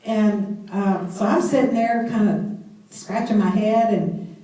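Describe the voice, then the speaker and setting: A woman's voice: mid-range voice, slow pace, recorded from a distance. Woman telling her story in an echoey hall. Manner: animated storyteller who laughs at herself. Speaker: speaker sharing her story. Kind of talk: personal testimony speech.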